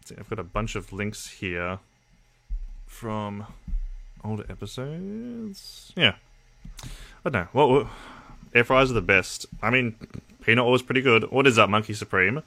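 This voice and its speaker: A man's voice: on the low side, normal speed, pauses often, bright, forceful tone. A man from Australia with an Australian accent, hosting a casual livestream and chatting bluntly and profanely with his viewers. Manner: blunt, profane, talks to chat. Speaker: livestream host.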